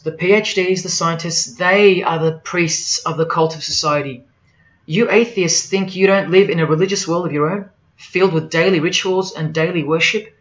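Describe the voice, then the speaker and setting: A man preaching a monologue in a forceful, rhetorical way, firing question after question at the listener. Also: on the high side. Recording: dull lo-fi audio.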